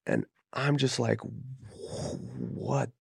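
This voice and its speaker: Guy from utah spilling a wild story, low gravelly fry, swears a lot, dry close sound. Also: fairly even intonation, moderate pace, darkish tone, no echo. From Utah, USA. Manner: candid and profane, lots of fillers like "you know" and "dude". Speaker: podcast guest. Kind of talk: casual storytelling. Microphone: podcast studio mic.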